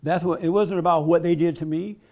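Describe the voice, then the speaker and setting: A man's voice: on the high side, fairly even intonation, brisk, a little mellow. A man giving a blunt, emphatic preaching-style talk at a conference, laughing along with his audience. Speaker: conference speaker.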